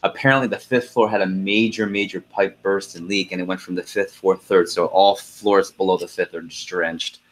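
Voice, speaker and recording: A middle-aged man leading a team conference call, telling a lively story with laughs and then going through the agenda. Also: low voice, normal speed, hardly any pauses.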